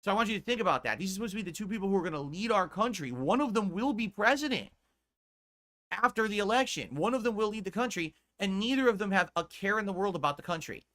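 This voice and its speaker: A man's voice: high-pitched, expressive, fast, a bit bright. A man, a streamer, ranting in exasperated, profane commentary in a clip played back by another streamer.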